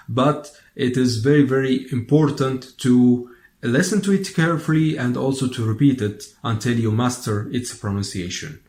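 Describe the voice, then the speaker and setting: A man with an Egyptian accent teaching a pronunciation lesson in a slow, unhurried way, saying each word again and again. His voice sits at an ordinary pitch, and the room around him is echoey. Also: darkish tone. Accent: Egyptian Arabic. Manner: slow, repeats words many times for learners. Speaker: Arabic teacher.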